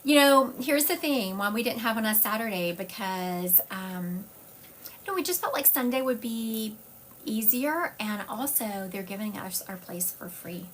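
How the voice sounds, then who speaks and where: A woman with a medium-pitched, fairly bright voice speaks at a measured pace with lively intonation, over slight background noise. She's a psychic medium doing a live-stream reading from home, chatty and digressive, wandering off into side stories.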